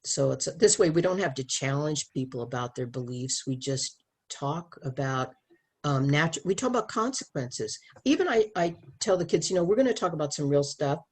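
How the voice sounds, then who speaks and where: A middle-aged woman talking earnestly in a casual conversation, animated and restarting often as she tells stories from her work as a sex educator. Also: low-pitched, moderate pace, slightly rough.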